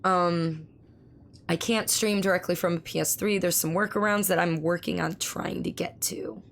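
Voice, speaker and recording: A woman live streamer chats casually with her audience, with a hoarse, strained voice. There is a gravelly rasp under her speech, and she swears freely as she reads her chat aloud. A faint hiss sits behind her voice. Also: lowish voice, steady tone, moderate pace.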